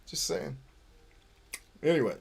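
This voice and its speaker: A man's voice: on the high side, lively intonation, takes it slowly, gravelly, a little mellow, husky. Foul-mouthed joking man streaming a game. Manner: profane, joking, self-mocking. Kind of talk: live gameplay commentary reading chat.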